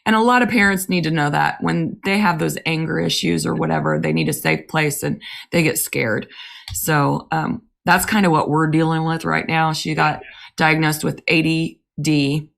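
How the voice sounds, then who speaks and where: Gravelly low-voiced woman telling stories. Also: steady tone, normal speed, fairly bright tone. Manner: candid storytelling, swears freely. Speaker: podcast co-host. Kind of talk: casual chat.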